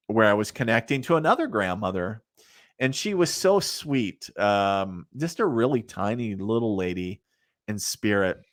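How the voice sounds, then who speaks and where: Low-voiced middle-aged man telling stories. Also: dry recording, studio quality. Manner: rambling, many fillers, laughs at his own stories. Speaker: guest, psychic medium. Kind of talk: casual storytelling in a podcast interview.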